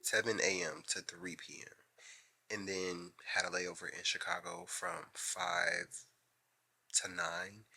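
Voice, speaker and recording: A man's voice: sits low, vocal fry, pushed and bright, breathy edge. A young man vlogging casually to the camera from his bed, chatty and full of likes and ums. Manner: chatty, lots of "like" and "um". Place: in bed at home.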